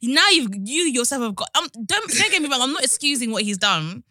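Young woman, podcast co-host, laid-back, very bright voice, slightly high. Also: lively intonation, brisk, dry recording, studio quality. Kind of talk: casual chat.

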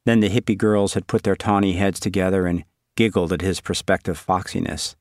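A man with a low voice reads a literary story aloud, measured and wry, as if following a character's thoughts. The recording is close and dry, with no room sound. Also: steady tone, dry recording. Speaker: narrator. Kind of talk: scripted literary narration.

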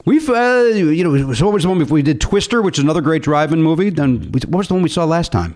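A man's voice: fairly high pitch, lively intonation, quick pace, darkish tone. A middle-aged man in casual conversation, rambling through stories with many fillers and restarts. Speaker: podcast co-host. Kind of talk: casual chat.

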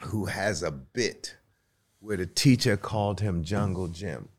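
A man's voice: sits low, measured pace. A male comedian telling a story in casual conversation, laughing often and acting out the voices of people in it. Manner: animated, laughs often, acts out voices in his stories. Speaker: guest comedian.

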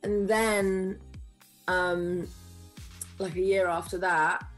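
A young woman from North London talks with a London accent, loose and full of "like." She laughs often, and her voice sits a little low. Faint music runs under her. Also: flat delivery, drawn-out words, rough recording. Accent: London English. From North London, England. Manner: chatty, laughs easily, heavy use of "like". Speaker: singer guest. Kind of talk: casual chat.

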